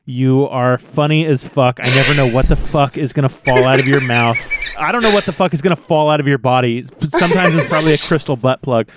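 A man's voice: medium pitch, fairly quick, heavy background noise. A male podcast host, tipsy from drinking, speaking earnestly and with heart while swearing freely. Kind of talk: casual podcast chat.

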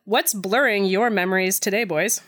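Woman cohost kidding around, mid pitch, a bit theatrical. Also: moderate pace, fairly bright tone. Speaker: podcast co-host.

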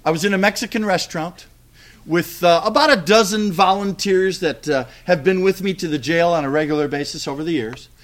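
A middle-aged man preaching a sermon, telling a story with lively acted-out dialogue. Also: high-pitched, brisk, slight background noise.

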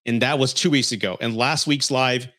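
A man's voice: medium pitch, normal speed, sharp tone. A man hosting a casual dating-advice podcast, ranting bluntly with plenty of swearing and frequent laughter. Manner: blunt and profane, laughs often; heated, scolding delivery. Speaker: podcast host.

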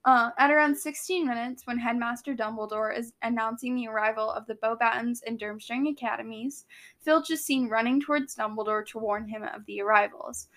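A playful, teasing woman chatting casually as co-host. Her voice is a little high and easygoing. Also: a little fast, a bit bright. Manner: playful, teasing, laughs easily. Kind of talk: casual chat.

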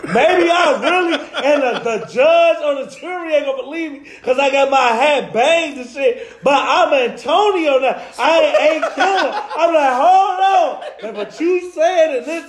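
Man, very high voice, animated storyteller; echoey room. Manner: animated storytelling, swearing, laughing often. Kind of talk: casual chat.

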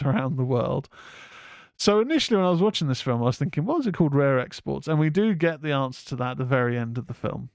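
Man from England, casual film review host, rambling, swears, dry close sound, mid pitch. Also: darkish tone, no echo. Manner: rambling, swears casually, reads chat comments aloud. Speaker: horror podcast host.

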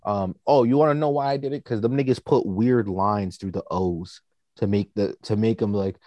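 Rambling, low-voiced young man. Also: normal speed, mellow, no echo, dull audio. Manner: rambling, full of fillers. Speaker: podcast co-host. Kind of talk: casual chat.

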